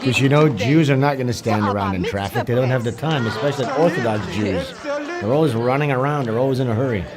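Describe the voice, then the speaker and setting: Over a loud crowd, this livestreamer talks fast in a mid-range voice, watching a movie with music behind him. His commentary is irreverent and profane, full of jokes and laughter at the film.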